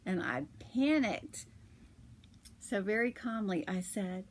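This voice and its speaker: Slow, chatty woman yarn shop host. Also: medium pitch, expressive, slight background noise. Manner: chatty storyteller, laughs often. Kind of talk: casual chat about knitting.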